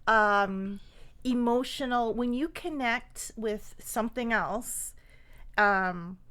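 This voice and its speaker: A woman's voice: on the high side, slow pace, a bit bright, clean tone. A woman hosting a radio interview, supportive and chiming in with short agreements. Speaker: radio show host. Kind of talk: conversational interview.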